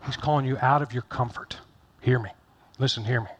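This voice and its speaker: A man's voice: mid-range voice, steady tone, a little fast, breathy edge. A middle-aged man pastor giving a conversational sermon, folksy and joking, repeating phrases for emphasis.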